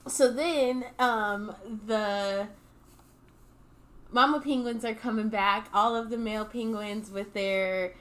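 A woman's voice: a little high, fairly even intonation, slow. A woman co-hosting a comedy podcast, playfully retelling a movie and acting out the characters' lines. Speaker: podcast co-host. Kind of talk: casual stoner movie recap.

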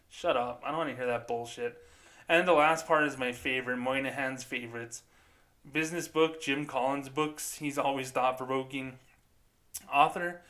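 A man's voice: mid-range voice, normal speed, bright, forceful tone. A man hosting a podcast, ranting in a profane, sarcastic, mocking tone. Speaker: podcast host. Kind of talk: casual ranting commentary.

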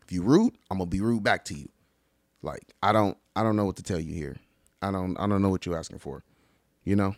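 A man casually ranting about travel stories, profane and animated, acting out the people he quotes. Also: a little fast, dry recording, clean studio sound. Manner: animated, profane, acts out quoted people with big pitch jumps. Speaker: vlogger. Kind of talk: casual storytelling rant.

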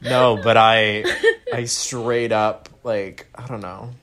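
A man's voice: lowish voice, steady tone, takes it slowly, fairly bright tone. A young man in casual chat as podcast co-host, a dramatic storyteller who swears freely. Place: dad's house in Florida.

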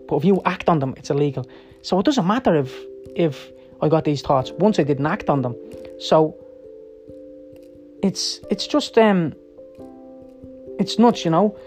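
A man in his thirties tells his own story in a frank, rambling way, swearing freely and checking in with his listener. His voice sits a little high for a man. Soft guitar music plays quietly underneath. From Ireland. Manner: candid, rambling and profane, with frequent "yeah?" and "right?". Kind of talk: personal storytelling talk.

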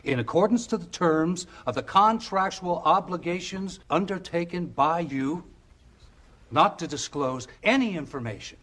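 An actor playing a stiff, formal corporate defense lawyer in a film drama, speaking in a clipped, legalistic way. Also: male voice, fairly high pitch, a bit bright.

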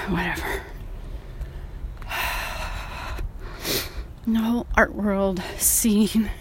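A woman's voice: mid-range voice, fairly even intonation, very slow, long pauses, slight background noise. A woman painter talking frankly while walking outdoors, sighing and swearing casually, a bit out of breath. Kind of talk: casual vlog monologue.

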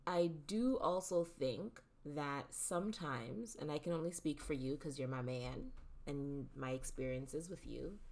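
A fairly low-voiced woman in her thirties, chatting casually as a co-host. She talks with animation and slips into voices to act out both sides of an argument. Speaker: podcast co-host. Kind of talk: casual couples chat.

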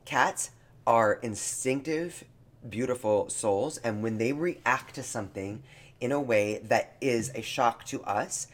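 A man talks earnestly on a casual podcast, and his feeling comes through as he speaks. His voice sits at an ordinary middle pitch for a man. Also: takes it slowly. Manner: earnest, heartfelt. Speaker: podcast co-host. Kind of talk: casual chat.

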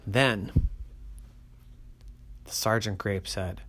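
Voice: medium pitch, expressive, slow pace, fairly bright tone. A storyteller narrating a bedtime tale in a playful, sing-song way with whispered asides.

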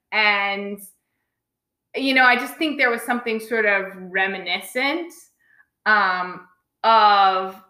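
Chatty woman with a bright voice. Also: mid-range voice, roomy sound. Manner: rambling, many likes and restarts. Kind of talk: casual film review chat.

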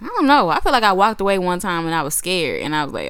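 Woman, casual podcast co-host, animated slangy storyteller, close dry mic. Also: on the low side, fast talker, clear, resonant tone, no room sound. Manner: animated storytelling, slangy and profane, acts out voices. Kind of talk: casual chat about an anime episode.

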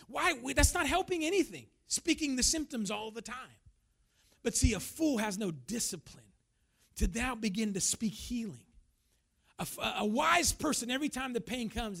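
A man's voice: very high-pitched, expressive, normal speed, creaky, a bit bright. A man preaching a sermon as pastor, emphatic, now and then acting out the voices of the people he talks about.

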